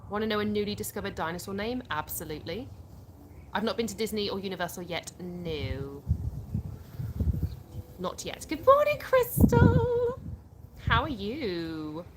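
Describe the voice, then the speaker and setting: A woman's voice: fairly low pitch, moderate pace, pauses often, noisy background. A young English woman from England hosting a casual livestream on her phone outdoors, chatting and reading viewer comments aloud with easy laughter. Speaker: livestream host.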